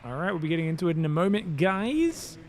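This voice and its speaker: A man's voice: fairly high pitch, big pitch swings, fast, a little mellow. A man casting a live strategy game match, joking and bantering energetically with his co-caster. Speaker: esports caster.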